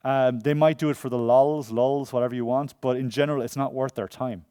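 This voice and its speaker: A man giving a conference talk and taking audience questions, jokey and animated, often telling funny stories and acting out the voices of the people in them. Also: medium pitch, fairly quick, smooth, no room sound, studio quality. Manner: animated, acts out quoted voices. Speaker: conference speaker. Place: conference room before an audience.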